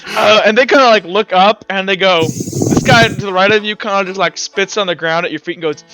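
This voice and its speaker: Halting, bright-voiced game master. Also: mid-range voice, faint music behind, poor audio. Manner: halting, many fillers. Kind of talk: narrating a tabletop game.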